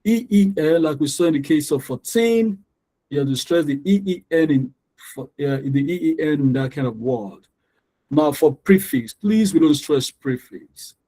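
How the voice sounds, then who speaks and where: A man's voice: on the high side, lively intonation, moderate pace, mellow, rough recording. A man teaching an English pronunciation lesson, drilling word stress and mixing in life advice, repeating words over and over. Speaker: English tutor.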